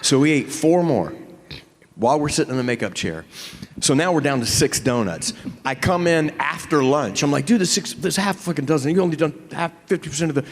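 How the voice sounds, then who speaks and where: A middle-aged man telling a story on a convention stage, animated and profane, acting out both sides of the exchange. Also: fairly high pitch, brisk, a little hiss or hum. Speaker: convention panel guest. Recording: hall reverb from a convention stage.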